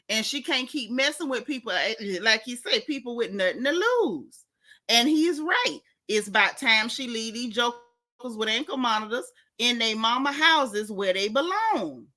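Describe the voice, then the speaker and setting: A woman's voice: on the high side, animated, moderate pace, bright, forceful tone. A woman hosting a gossip show as a casual livestream, dramatic and theatrical, talking straight to her chat viewers. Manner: talks directly to chat viewers.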